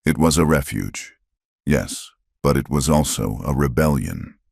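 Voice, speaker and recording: A man tells a western story in scripted narration. His voice is extremely low, with a husky grain. The reading is grave and measured. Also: lively intonation, darkish tone, no echo, studio quality.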